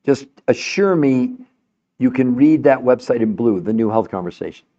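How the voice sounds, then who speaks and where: A man's voice: medium pitch, moderate pace. Chatty older man on lo-fi audio. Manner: chatty and animated, laughs often, keeps calling the listener by name. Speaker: health show host talking to a caller. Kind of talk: casual live call-in chat.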